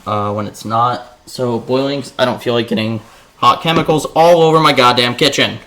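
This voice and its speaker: Bright-voiced chatty streamer man cooking. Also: mid-range voice, moderate pace, slight background noise. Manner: chatty, profane and playful, talking to chat. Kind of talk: casual cooking livestream chat. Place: home kitchen.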